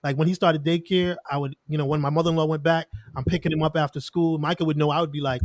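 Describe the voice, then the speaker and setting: A man's voice: on the high side, steady tone, fast, no room sound, clean studio sound. Earnest man telling stories. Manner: earnest storytelling with lots of "like" and quoted asides. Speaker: podcast guest, IT manager. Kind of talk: casual podcast conversation.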